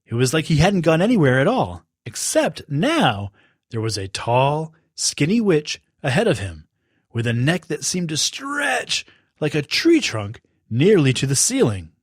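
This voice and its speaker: A male storyteller reading a children's adventure with a lively, expressive voice that rises and falls a lot. The sound is dry and close, with no room around it. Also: a little high, measured pace, husky, no room sound. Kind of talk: scripted children's story narration.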